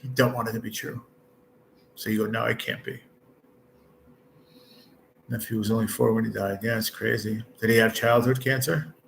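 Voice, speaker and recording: In a hospital room, a livestream host in his late forties with stage four cancer chats casually, blunt and rambling with lots of swearing. He speaks fairly low, flat, creaky and fairly quick, on a rough recording with slight hiss or hum.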